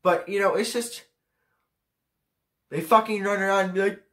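A man's voice: high voice, a little slow, pauses often, bright, forceful tone. A teenage boy vlogging a casual rant to camera, ranking pet peeves in a profane, exasperated way. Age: teens.

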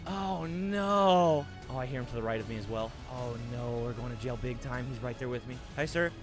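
A young man giving casual gameplay commentary as a streamer. He talks to himself, gets excited fast and yells out in bursts. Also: medium pitch. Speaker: gaming streamer. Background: background music.

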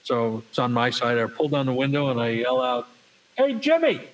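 A man's voice: fairly quick, poor audio. An older man, telling a story as a guest in an interview, acting out the people in it. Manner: animated storyteller, acts out voices with big pitch jumps. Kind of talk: storytelling anecdote.

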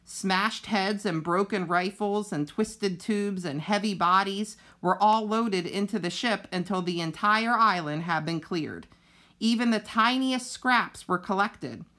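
A woman teacher reads a children's novel aloud with steady, even storytelling. Her voice sits at a middling pitch, neither high nor low. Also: measured pace.

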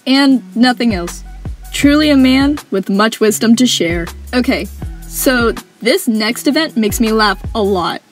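A woman's voice: a little high, animated, a little slow, faint music behind. A young woman narrating funny work stories with wry, sarcastic humor. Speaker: animation storyteller. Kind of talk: story-time narration.

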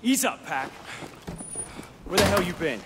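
An actor playing a gruff male squad leader in a video game, using clipped military radio talk. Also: high-pitched, expressive, unhurried, heavy background noise. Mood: commanding. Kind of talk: video game cutscene acting. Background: music.

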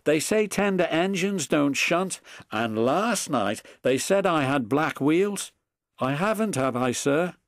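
A man voicing a gentle, kind male blue engine who speaks meekly and softly. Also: mid-range voice, very animated, a little slow, hardly any pauses, husky, no echo, studio quality, heavily acted. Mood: sad. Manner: meek, soft.

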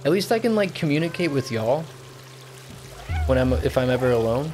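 A man streaming a video game live, chatting casually and reacting excitedly with gasps and laughs. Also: mid-range voice, moderate pace. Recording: game music under the voice. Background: game music clearly audible.

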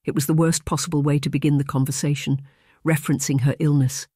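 Dude reading a romance audiobook, steady measured pace, dry close mic. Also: male voice, fairly high pitch, husky, dry recording. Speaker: audiobook narrator. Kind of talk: scripted narration.

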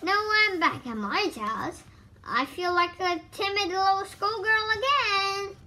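A woman reading aloud as a timid, gentle young woman, with a halting read. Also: very high-pitched, slight background noise, pitched above the performer's own voice, exaggerated voice. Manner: reads haltingly, stumbling over words.

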